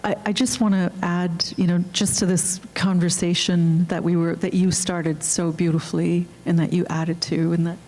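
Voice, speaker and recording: A woman speaking as a film director on a panel, earnest and halting, with frequent restarts. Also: on the low side, flat delivery, a little mellow. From Canada. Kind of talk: reflective panel talk. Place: auditorium.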